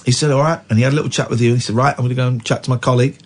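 A man's voice: medium pitch, racing. A male radio host, emotionally retelling a distressing incident in casual on-air chat. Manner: emotional, animated retelling with restarts. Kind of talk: candid storytelling chat.

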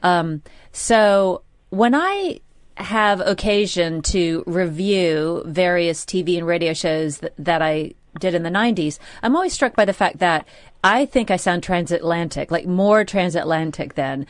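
A woman's voice: fairly low pitch, a little slow, no room sound, studio quality. A middle-aged woman with an American accent, hosting a late-night radio talk show in a chatty, carefully enunciated way. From United States. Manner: chatty, enunciating, self-deprecating. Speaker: radio host.

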